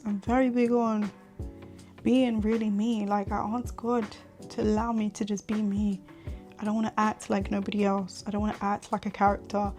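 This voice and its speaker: A woman's voice: medium pitch, gravelly, a little mellow. A young woman in her twenties hosting a faith podcast, speaking earnestly and candidly and often repeating herself for emphasis. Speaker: podcast host.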